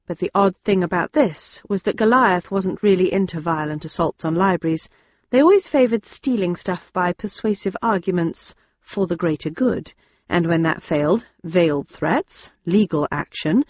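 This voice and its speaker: Woman narrating an audiobook, low-pitched. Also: animated, normal speed, darkish tone, no echo, highs cut off. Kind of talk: first-person audiobook narration.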